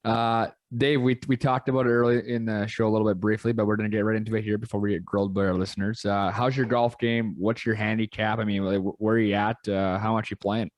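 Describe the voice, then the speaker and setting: Low-voiced man hosting a casual podcast. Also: little pitch movement, fast talker, hardly any pauses, dry recording. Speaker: podcast host. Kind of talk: casual interview and ad read.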